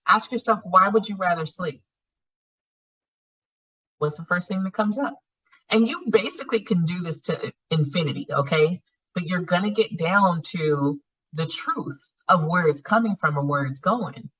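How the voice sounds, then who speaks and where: A woman's voice: lowish voice, moderate pace, husky, distant mic, poor audio. Blunt, profane woman teaching a healing class. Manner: blunt, profane, animated coaching with frequent laughs. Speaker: spiritual healing class facilitator. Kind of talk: live online class teaching.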